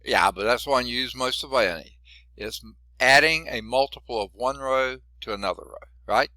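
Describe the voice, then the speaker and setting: A man's voice: medium pitch, moderate pace, pushed and bright, no echo. A man teaching a math class in a folksy, chatty way, quizzing students and noting he is losing his voice. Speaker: math instructor. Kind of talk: classroom lecture.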